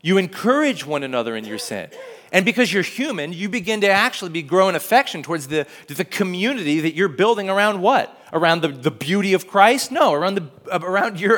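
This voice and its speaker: High-voiced man preaching a lively sermon. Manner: conversational, animated, acts out quoted voices. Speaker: pastor.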